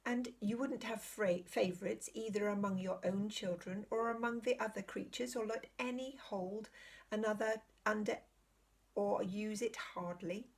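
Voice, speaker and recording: A woman's voice: medium pitch, steady tone, lightly acted. A woman doing Aslan, a grave lion king. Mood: solemn. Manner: slow, solemn, commanding. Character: great solemn male lion king, grave and kind.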